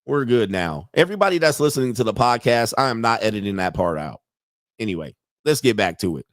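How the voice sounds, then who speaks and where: A man's voice: lowish voice, sing-song, fairly quick, no room sound, clean studio sound. Profane, laughing male podcast host. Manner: rambling, profane, laughs often. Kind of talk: casual live-streamed commentary. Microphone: computer mic and webcam.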